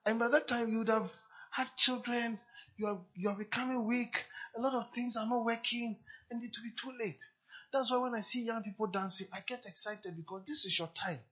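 A man's voice: very high-pitched, steady tone, brisk, pushed and bright, breathy edge, dull audio. A man preaching a sermon as a pastor, speaking emphatically and repeating his exhortations to the congregation.

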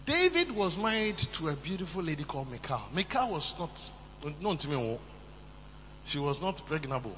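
Male preacher, bright piercing tone, shouts for emphasis, long hall reverb on a dull recording. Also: high voice. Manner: animated, switching between soft asides and shouted emphasis. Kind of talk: sermon. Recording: muffled, with long hall reverb and faint hum.

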